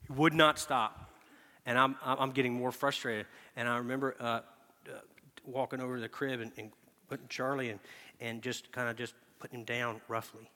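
Bright-voiced preacher in a reverberant hall. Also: male voice, mid-range voice, steady tone, fairly quick. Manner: swings between hushed, soft asides and loud, emphatic outbursts. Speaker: pastor. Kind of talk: sermon with personal storytelling. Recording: long reverb of a large hall.

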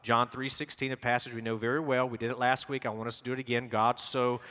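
A man's voice: mid-range voice, little pitch movement, quick pace, bright, forceful tone. A man preaching a sermon as pastor, emphatic and repeating words as he goes, leading the congregation in reading aloud. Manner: repeats words while searching for them. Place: large church hall with long reverb. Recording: reverberant church hall.

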